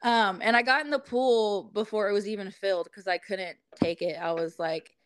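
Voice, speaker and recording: A woman's voice: mid-range voice, normal speed, smooth, no echo. A woman guest on a podcast, casually telling a story in a chatty way with lots of fillers. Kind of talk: casual chat.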